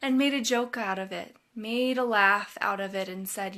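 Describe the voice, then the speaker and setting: A woman advisor giving an inspirational storytelling talk, deliberate and repeating words for emphasis. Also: medium pitch, bright, forceful tone. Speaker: college advisor.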